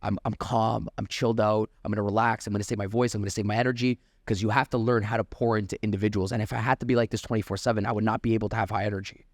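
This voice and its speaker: A man, a sales trainer, talking fast and energetically in a casual podcast chat, full of "like" and restarts. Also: fairly low pitch, level tone, dry recording, studio quality.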